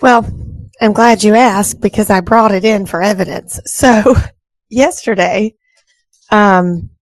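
A woman's voice: medium pitch, slow pace, no room sound, soft background music, poor audio. A woman co-hosting a morning radio show in casual chat, telling a story with animation and laughing at it, on a studio microphone. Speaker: radio co-host.

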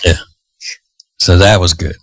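Laid-back low-voiced radio co-host man. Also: fairly even intonation, unhurried, fairly bright tone, slight background noise. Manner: laid-back, laughs often. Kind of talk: casual morning show banter. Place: radio studio.

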